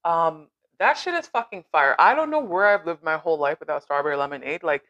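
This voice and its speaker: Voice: medium pitch, brisk, bright, forceful tone, no echo, lo-fi sound. A podcast host from Canada in casual chat, brash and teasing, swearing freely.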